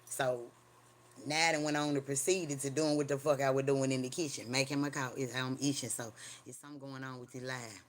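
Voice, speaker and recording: With a steady, mid-range voice and a fairly quick delivery, this home livestreamer rambles casually. The talk swings from a spooky personal story to street preaching, laced with slang and profanity and frequent questions of "you hear me?" to viewers.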